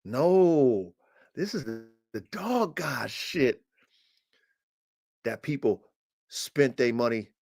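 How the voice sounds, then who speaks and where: A man's voice: lively intonation, slow, vocal fry, pauses often, a little mellow. Cocky dude bragging about his dogs on a stream, voice jumps way up when he gets hyped. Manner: boastful, swaggering and profane, pitch jumping up when hyped. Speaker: dog breeder hosting a livestream. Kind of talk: casual livestream monologue. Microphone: streaming mic.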